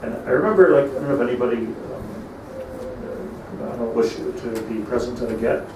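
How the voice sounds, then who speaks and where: A man's voice: mid-range voice, wildly swooping pitch, moderate pace, background noise. A middle-aged man, a rabbi, giving a storytelling sermon that mixes Hebrew terms into English and builds to emphatic peaks. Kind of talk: sermon on lamentations. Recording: echoey room, mic at a distance, faint ambience.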